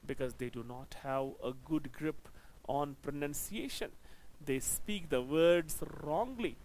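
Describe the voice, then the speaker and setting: Slow, emphatic teacher. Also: male voice, a little high, a little mellow, a little hiss or hum, low-quality recording. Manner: slow, emphatic delivery with drawn-out example sentences; code-switches into Hindi to explain. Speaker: English teacher. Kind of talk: classroom grammar lesson.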